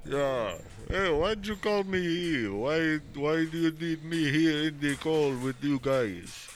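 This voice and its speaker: A man's voice: a little high, slow pace, slight background noise. A man on a prank call, playfully teasing the others and laughing. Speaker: prank caller. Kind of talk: comedic phone prank banter.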